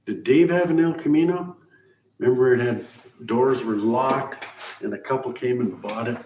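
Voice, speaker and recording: His medium-pitched voice has a darkish tone and a normal speed as he hosts a live car-building stream. The middle-aged man chats casually with viewers, rambling through shop-talk explanations and chuckling at times, recorded on a roomy, distant mic with faint hiss.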